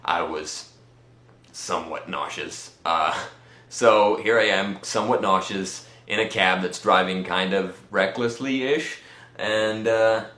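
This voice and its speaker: A man's voice: low voice, slow, bright, forceful tone, echoey room. A tired man telling a rambling personal story in a casual way, repeating words and using many fillers. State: tired, nauseous.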